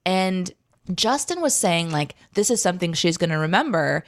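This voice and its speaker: A woman's voice: lowish voice, big pitch swings, moderate pace. A woman co-hosting a podcast in casual chat, talking animatedly and laughing often. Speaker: co-host.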